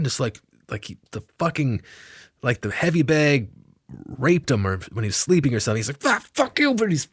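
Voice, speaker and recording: Male storyteller, casual comic monologue, profane and rambling, mid-pitched, dry close sound. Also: no room sound. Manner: profane, rambling, self-mocking.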